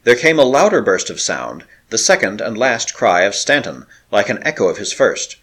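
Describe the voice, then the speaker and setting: A man narrates an old adventure novel for an audiobook, and his husky voice keeps the telling vivid. His pitch swings widely with the suspense, always dramatic and expressive. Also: moderate pace.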